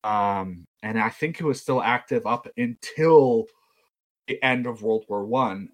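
Southern young guy rambling thru a story, jokes at his own expense, regular pitch. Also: expressive, normal speed. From South Carolina, US. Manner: rambling, self-deprecating, acts out quoted voices. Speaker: podcast storyteller. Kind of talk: casual storytelling.

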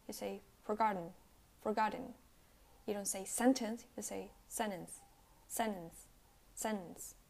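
A woman with an American accent teaching a pronunciation lesson, saying example words slowly and deliberately. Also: mid-range voice, creaky, darkish tone. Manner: slow, deliberate, over-articulated example words.

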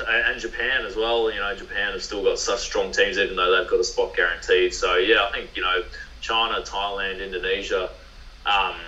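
A man's voice: low-pitched, sharp tone, dull audio, slight background noise. A man with an Australian accent, a volleyball player chatting in an interview, rambling with many fillers and restarts. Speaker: professional beach volleyball player. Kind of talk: podcast interview. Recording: roomy, distant mic.

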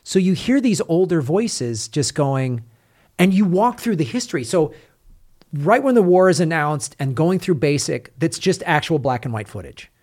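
Animated man retelling a film story. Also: a little high, normal speed. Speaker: podcast host. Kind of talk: casual film review chat.

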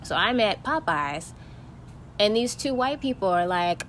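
Blunt and full of profanity, this young podcast host tells heated stories in a casual monologue rant. She sounds sing-song and fairly bright at a medium pitch, speaking a little slowly, with slight background noise.

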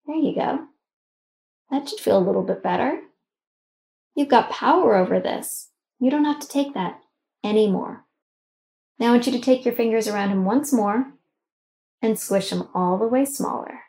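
A woman's voice: on the high side, moderate pace, gravelly, pauses often, dark tone. A middle-aged woman hosting and guiding a self-help exercise, coaching the listener directly with emphatic, encouraging instructions.

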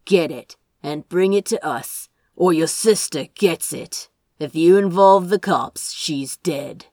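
A woman putting on a rough, menacing male kidnapper. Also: fairly low pitch, slow, darkish tone, no room sound, clean studio sound. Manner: clipped, demanding.

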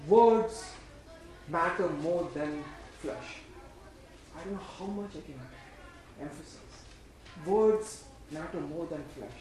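A man preaching a sermon in an emphatic, repetitive way, swinging between loud bursts and hushed lines, and leading the congregation in repeating phrases. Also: high-pitched. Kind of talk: sermon with call-and-response. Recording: very echoey room.

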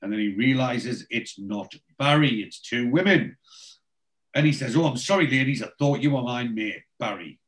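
A man's voice: mid-range voice, normal speed, low-quality recording. A man hosting a casual chat, retelling TV scenes and quoting the characters' lines in a storytelling way. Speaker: podcast host.

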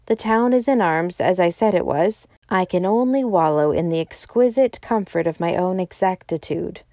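A placid, cynical man from a storybook, as a woman reader puts him on. He speaks evenly and calmly, with a mellow, dry tone. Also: on the low side, moderate pace, no echo.

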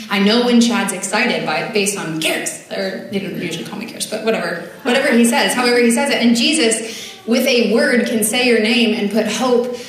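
A woman's voice: medium pitch, distant mic, slight background noise. A woman preaching in an earnest, conversational way with casual filler words, reading scripture aloud in a church. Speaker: speaker at a church service. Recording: very echoey church hall.

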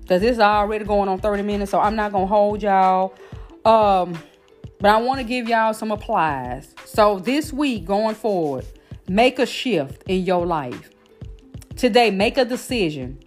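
A woman preaching a sermon with impassioned, rhythmic repetition, speaking informally and calling her listeners y'all. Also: medium pitch. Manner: informal dialect, addresses audience as y'all.

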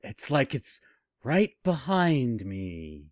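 A man's voice: medium pitch, big pitch swings, very slow, dry recording. A man co-hosting a comedy podcast, tossing in dry, absurd one-liners and jokes. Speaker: podcast co-host. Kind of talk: comedic banter.

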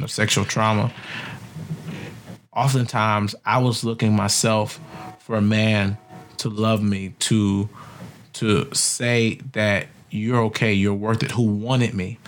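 A man hosting a talk show, speaking slowly and emphatically through heartfelt personal testimony while near tears. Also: fairly low pitch, slight background noise. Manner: heartfelt, slow and emphatic, choking up. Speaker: podcast host.

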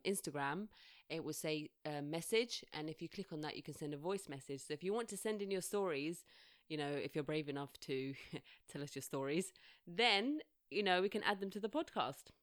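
A woman co-hosting a podcast in casual chat, tired but chatty and quick to laugh. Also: low-pitched, clear, resonant tone, no room sound, clean studio sound. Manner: chatty, laughs often, reads listener stories aloud. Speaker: podcast co-host.

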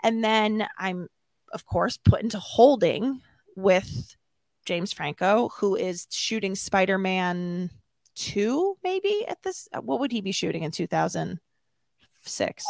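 A woman telling a self-mocking story as an interview guest, animated and laughing often. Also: mid-range voice, slow, creaky, no echo.

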